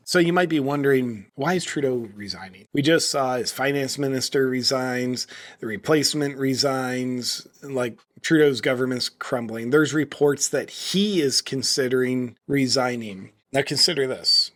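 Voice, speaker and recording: A man's voice: medium pitch, moderate pace, fairly bright tone. A man in his forties hosting a political commentary video, mocking and sarcastic, switching into an ad read. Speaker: host.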